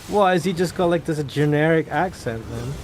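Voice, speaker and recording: A man's voice: on the high side, normal speed, soft background music. A man with a Scottish accent chatting casually on a game stream, joking around and swearing a lot. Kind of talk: casual chat.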